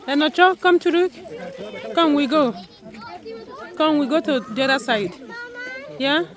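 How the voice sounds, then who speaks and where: A woman's voice: high-pitched, animated, unhurried, crowd noise. A mother filming her children outdoors at a zoo, cheering and encouraging them in a casual family vlog. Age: adult parent. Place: outdoor zoo with a crowd around.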